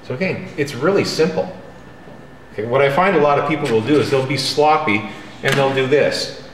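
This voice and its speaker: This is a man lecturing a drawing class, speaking directly and emphatically and frequently checking on his students. His voice sits in the mid range, and a little hiss or hum runs underneath. The space is a roomy classroom with faint ambience.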